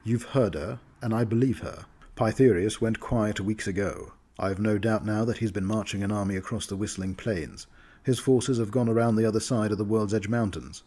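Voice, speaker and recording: Man doing an indignant Grand Duke, forceful, low pitched, husky, fantasy story. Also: steady tone, moderate pace, close to an everyday voice. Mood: grave. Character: proud angry older male Grand Duke.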